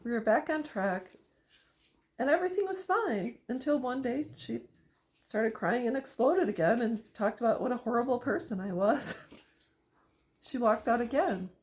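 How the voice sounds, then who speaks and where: An expressive, high-leaning voice with a darkish tone belongs to a middle-aged woman vlogging as a parent. In her monologue she recounts a personal story, stresses advice to fellow parents, and methodically lists items.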